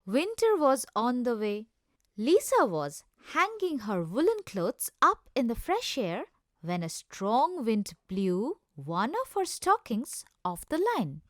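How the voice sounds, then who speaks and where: A woman narrating a school play in a slow, lilting storytelling manner. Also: fairly high pitch, sing-song, no echo, clean studio sound.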